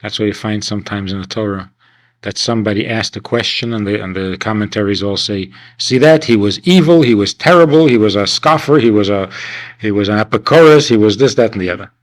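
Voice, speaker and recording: A man, a rabbi, teaching a class in a conversational way, asking rhetorical questions and acting out questioners in sudden high voices, on an archival 1990s class recording. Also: brisk, poor audio. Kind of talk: animated classroom lecture.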